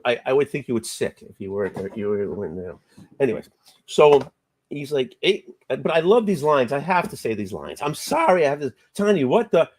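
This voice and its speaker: A man's voice: big pitch swings, moderate pace, darkish tone, no echo. A man casually retelling a comic book story on a review show, rambling and acting out the characters' lines. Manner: rambling, acts out character lines with bursts of pitch.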